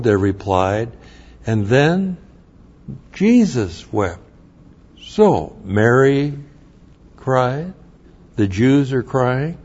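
Male preacher, unhurried delivery, dull muffled recording, plain asides between scripture readings. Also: breathy edge. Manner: reads scripture aloud, then explains in plain asides; grows louder and higher when excited. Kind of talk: sermon.

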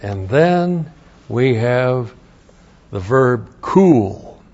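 A pastor teaching through a Bible passage word by word, spelling out terms letter by letter, with dry humorous asides. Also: male voice, mid-range voice, animated, a little mellow. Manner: slow, emphatic, spells out words letter by letter. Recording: dull lo-fi recording.

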